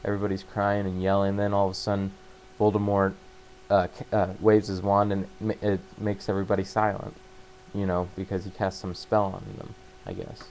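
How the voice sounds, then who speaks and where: A man casually retelling a book's plot, halting and full of fillers and restarts. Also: low voice, little pitch movement, a little mellow, slight background noise, low-quality recording. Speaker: book summarizer.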